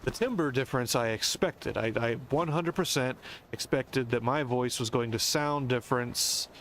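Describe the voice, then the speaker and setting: A man's voice: medium pitch, moderate pace, fairly bright tone, a little hiss or hum. An American man streaming a game, rambling and musing as he explains things at length. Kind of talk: casual rambling commentary.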